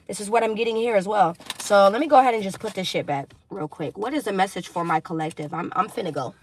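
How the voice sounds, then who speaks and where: A woman giving a tarot reading to her viewers, preaching intensely, swearing, and apologizing for getting loud. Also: lowish voice, a little hiss or hum. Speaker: tarot reader.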